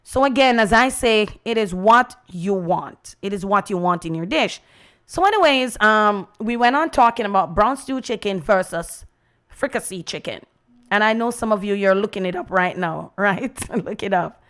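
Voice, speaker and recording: A Jamaican woman hosting a radio program, telling a story in a chatty, animated way and acting out the voices of the people she quotes. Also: medium pitch, moderate pace. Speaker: radio host. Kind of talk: casual storytelling monologue.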